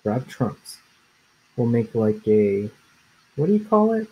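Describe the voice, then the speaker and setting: A man's voice: medium pitch, big pitch swings, slow, husky, highs cut off, full character voice. A man doing an eager young elephant girl. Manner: eager and raised. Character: eager young female elephant, bold and earnest.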